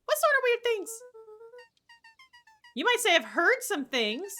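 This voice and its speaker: A woman voicing a perky young girl reporter in a squeaky voice. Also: huge pitch swings, unhurried, pushed and bright, soft background music, full character voice. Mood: eager.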